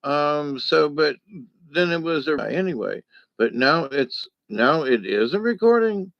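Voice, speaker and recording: A man's voice: a little high, lively intonation, a little slow, creaky, dry recording, muffled recording. A man talking in a casual, rambling monologue, folksy and digressive, with lots of fillers. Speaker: vlogger.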